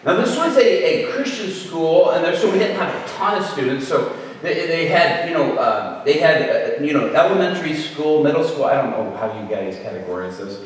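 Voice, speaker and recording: A man telling a lively story in a sermon, acting out the voices of the people in it. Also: on the high side, normal speed. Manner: animated, acts out voices in his story. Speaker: preacher. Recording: echoey hall from far off.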